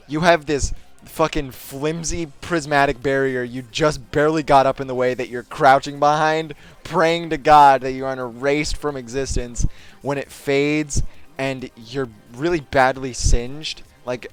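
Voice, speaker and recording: A man narrates a tabletop session as game master at an ordinary middle pitch. He describes things loosely with plenty of fillers and casual swearing. Soft music plays faintly behind him. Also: fairly even intonation, unhurried, clean tone.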